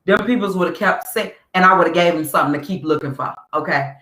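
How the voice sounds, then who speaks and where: Female podcast host, lowish voice; blunt, animated commentary, echoey room. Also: quick pace. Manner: animated, blunt, emphatic repetition. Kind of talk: casual commentary.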